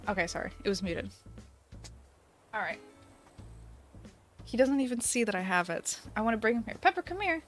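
A woman's voice: medium pitch, normal speed, pauses often, soft background music. A woman streamer chatting casually on a live stream, giggling often and talking to her pets. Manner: bubbly, giggly, baby-talks to her pets.

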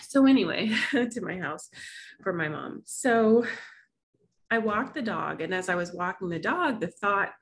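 A woman's voice: medium pitch, lively intonation, a little slow. A woman hosting a wellness vlog, telling a personal story in a rambling, emotional way with frequent laughs and restarts. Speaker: wellness challenge host.

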